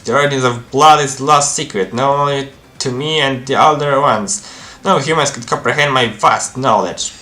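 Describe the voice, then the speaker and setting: A man's voice: medium pitch, normal speed, hardly any pauses, bright, forceful tone. A man voicing a grandiose, scornful girl student who claims to hold ancient demon secrets, in a game dub. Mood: haughty.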